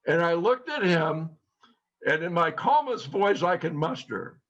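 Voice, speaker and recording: In this storytelling talk, a middle-aged man who co-founded the organization and works as a trainer addresses a group at a measured pace. His voice is on the high side, and he earnestly recounts his own experience, bringing quotes to life. The sound is dull lo-fi.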